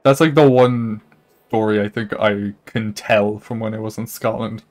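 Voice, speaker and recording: A young man chatting casually with his chat while he plays a game, rambling, saying "like" a lot and laughing often. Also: normal speed. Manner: animated pitch jumps, laughs often. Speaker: streamer. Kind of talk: casual live-stream chat while gaming.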